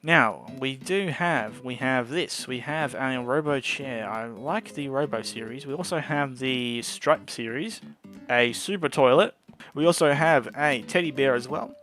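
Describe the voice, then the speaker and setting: A man's voice: medium pitch, unhurried, a bit bright, faint music behind. A man giving casual gameplay commentary into a desk microphone, chatty and often tripping over his words. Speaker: gameplay video host. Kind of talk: casual let's-play commentary.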